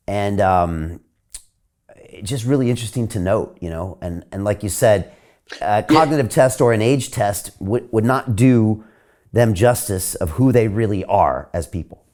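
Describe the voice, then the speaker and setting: A man hosting a podcast interview, talking casually and lively. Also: on the low side, measured pace. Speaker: podcast host.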